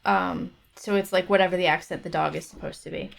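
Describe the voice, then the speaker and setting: A woman's voice: fairly low pitch, brisk, vocal fry. A woman reading a folk tale aloud for her book club stream, stopping for chatty asides. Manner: chatty, thinks aloud between passages.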